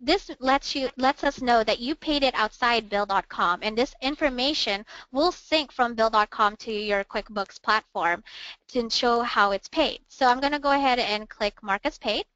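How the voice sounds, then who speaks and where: A woman walking viewers through a software demo step by step, calmly narrating each click in a webinar. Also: a little high, normal speed, no room sound. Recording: dull, dry, lo-fi webinar audio.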